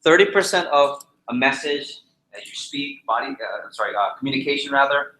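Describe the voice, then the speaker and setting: A man teaching a live sales training session, animated and jokey, repeating his key points to the group. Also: medium pitch, fairly quick, reverberant, poor audio. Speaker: sales trainer leading a workshop.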